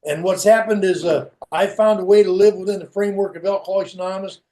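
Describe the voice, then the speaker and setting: A man's voice: high voice, fairly even intonation, fast talker, warm tone. A middle-aged man giving a candid, plain-spoken personal recovery share over a video call. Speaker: recovery meeting speaker.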